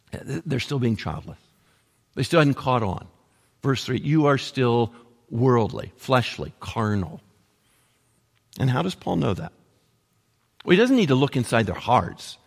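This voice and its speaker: A man delivers an expository sermon with a gravelly edge to his voice, slowing for emphasis and sinking to hushed tones on key phrases. His words ring out with a long reverb, as if spoken in a large church hall. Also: medium pitch. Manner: expository preaching, slowing for emphasis, dropping to near whispers. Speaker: preacher.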